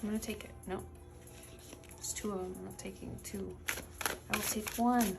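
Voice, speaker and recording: Sleepy woman with a creaky voice. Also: medium pitch, steady tone, moderate pace, loud music behind the voice. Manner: rambling, thinking aloud with many fillers. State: sleepy, yawning late at night. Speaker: tarot reader. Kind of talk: casual tarot reading. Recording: cards shuffling and clicking behind.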